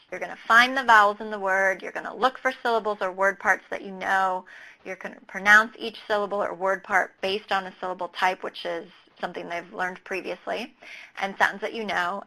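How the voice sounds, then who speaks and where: A woman's voice: mid-range voice, vocal fry, bright, forceful tone, poor audio. A woman presenting a teaching webinar, methodically walking through lesson steps with occasional fillers. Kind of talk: explanatory webinar talk over slides.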